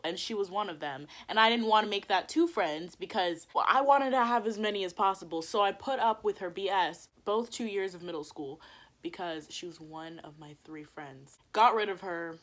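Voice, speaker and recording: A young woman telling a story on her vlog in casual chat, animated, saying "like" a lot and swearing freely. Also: medium pitch, moderate pace. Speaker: vlogger.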